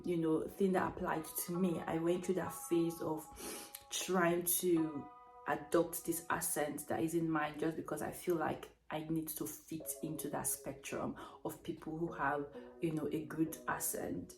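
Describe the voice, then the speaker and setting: Low-voiced Nigerian woman vlogging. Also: steady tone, measured pace, a little mellow. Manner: reflective, often says "you know". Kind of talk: storytime vlog. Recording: roomy echo, faint music bed.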